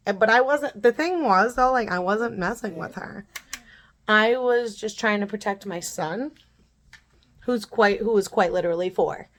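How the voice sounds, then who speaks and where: A young woman vlogger telling a story while doing her makeup, laughing often and acting out the people she quotes. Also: medium pitch.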